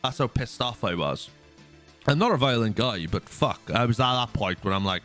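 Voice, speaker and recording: A man's voice: medium pitch, moderate pace, faint music behind. A man in his thirties telling a story on his stream, venting and swearing heavily. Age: 30s. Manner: animated venting, heavy swearing. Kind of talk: casual livestream storytelling.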